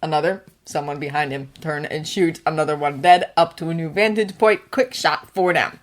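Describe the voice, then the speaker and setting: A woman narrating a fanfiction audio reading in a soft, steady manner. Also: deep voice, normal speed. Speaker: fanfiction reader.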